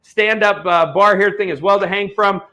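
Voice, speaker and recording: A man's voice: high-pitched, fairly even intonation, normal speed, sharp tone. A man hosting an online auction stream, talking in a blunt, heated, salesy way. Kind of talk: live-stream product pitch with ranting.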